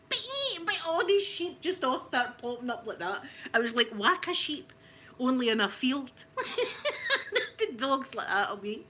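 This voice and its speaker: Scottish woman, high bright voice, swoops up and down, chatty anecdote, laughs a lot. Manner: animated, laughs often, dialect grammar. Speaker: ASMR channel host telling a family story. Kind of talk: casual storytelling.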